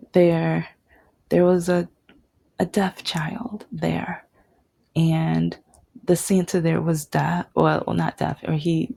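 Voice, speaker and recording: Gravelly low-voiced young woman storyteller. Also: dry recording. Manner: rambling with many restarts, dropping to a soft whisper at tender moments. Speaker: vlogger. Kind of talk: personal storytelling.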